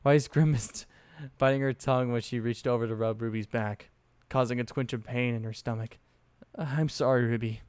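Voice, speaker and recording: A young man reads a fan story aloud in a casual, offhand way, breaking off for sweary asides. His voice is mid-pitched and even. The recording is close and dry. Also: normal speed, few pauses, smooth, no echo. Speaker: fanfiction narrator.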